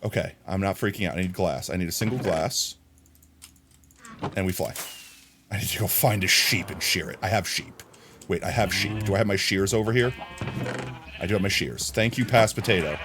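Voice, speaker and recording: A man streaming a game live, ranting and chatting with his viewers in a jokey, animated way. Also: low voice, normal speed, long pauses, noisy background. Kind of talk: live gameplay commentary.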